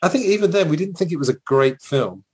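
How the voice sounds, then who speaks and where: A man's voice: a little high, expressive, fast talker, darkish tone, slight background noise, low-quality recording. A man with an English accent, co-hosting a podcast, telling long, nostalgic stories with plenty of fillers. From England. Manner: rambling, nostalgic storytelling with fillers. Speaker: podcast co-host. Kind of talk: casual chat.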